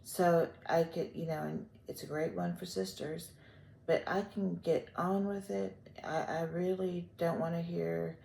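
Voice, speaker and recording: An older woman from the Gulf Coast of Texas, rambling through a personal vlog with many pauses and fillers. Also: fairly low pitch, fairly even intonation, creaky, dark tone, reverberant. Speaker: vlogger.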